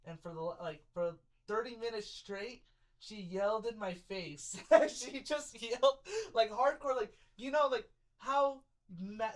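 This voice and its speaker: A young man tells a long, meandering story in a relaxed podcast chat. He strings his sentences together with constant fillers and slips into quick impressions of the people in the story. He laughs often while he talks. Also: high voice. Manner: rambling storytelling, heavy on filler words, acts out other people's lines. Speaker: podcast co-host telling a story. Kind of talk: casual chat.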